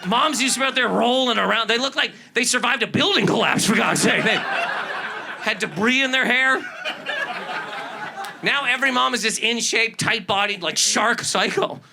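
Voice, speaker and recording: A man's voice: very high voice, moderate pace, gravelly, background noise. A man performing a stand-up comedy set, ranting with incredulous, exaggerated delivery. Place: comedy club stage. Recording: live stand-up with audience laughter. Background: audience laughter.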